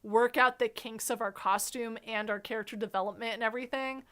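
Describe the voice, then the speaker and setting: A woman hosting a casual interview chat, animated and acting out quoted lines as she tells stories. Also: a little high, fairly quick. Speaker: host interviewing a guest.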